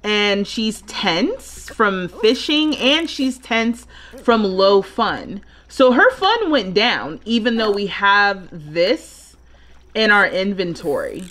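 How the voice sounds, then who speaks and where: A woman's voice: medium pitch, fairly bright tone. A young woman streaming a life-simulation game live, chatting and thinking aloud as she plays. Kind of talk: live gameplay commentary.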